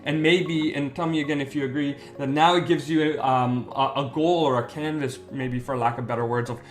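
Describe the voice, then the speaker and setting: A man who works as a wedding MC and magician, hosting a casual interview and talking in an animated, rambling way with restarts. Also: medium pitch, moderate pace, soft background music.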